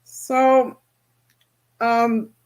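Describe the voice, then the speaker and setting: Brief: woman coach, fairly high voice, casual chatty teaching to a group. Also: flat delivery, extremely slow, a little mellow, clear, resonant tone. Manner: chatty, often checks in with "right?". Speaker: spiritual and business coach.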